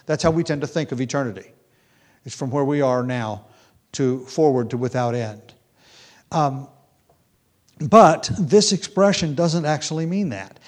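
A man's voice: mid-range voice, animated, measured pace, pauses often. A man preaching an expository Bible lesson, explaining step by step with small fillers and restarts, and reading quotations aloud with rising emphasis.

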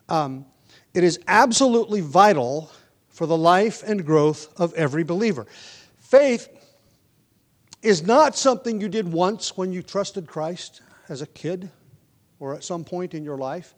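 Preaching an expository sermon in a fairly high voice, a pastor walks patiently through points of grammar, restarting frequently. He then builds toward emphatic stress on the important words.

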